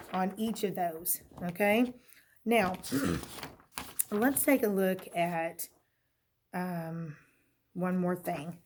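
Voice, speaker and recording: Woman teacher, patient, phonics lesson, mid pitch, frequent "okay?" check-ins. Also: darkish tone, slight background noise. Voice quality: clears her throat now and then. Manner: asks questions then answers them herself. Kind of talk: recorded remote phonics lesson.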